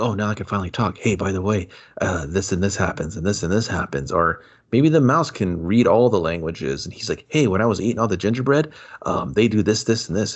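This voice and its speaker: A man co-hosting a podcast, joking through a movie recap and acting out characters in exaggerated voices. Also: slightly rough. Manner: joking, acts out characters with loud squeaky voices. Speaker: podcast co-host. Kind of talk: casual movie review chat.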